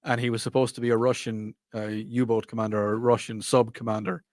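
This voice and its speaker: A man's voice: fairly low pitch, level tone, quick pace, no room sound, studio quality. A man hosting a radio talk show, chatting casually and rambling, often correcting himself mid-sentence. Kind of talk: casual chat.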